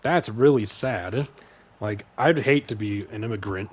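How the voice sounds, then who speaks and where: A man's voice: lowish voice, unhurried. A man hosting a casual chat stream, rambling with lots of fillers and heavy swearing. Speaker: podcast host and streamer.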